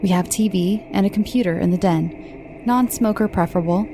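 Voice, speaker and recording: An American woman hosting a podcast and narrating horror stories in a soft, friendly way that sometimes dips into whispers. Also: medium pitch, normal speed, a little hiss or hum. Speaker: host and storyteller. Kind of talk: calm horror story narration.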